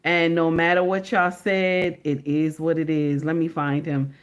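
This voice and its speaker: A woman's voice: low voice, flat delivery, measured pace. A middle-aged woman hosting a reaction livestream, speaking casually in slangy, emphatic speech and repeating her points.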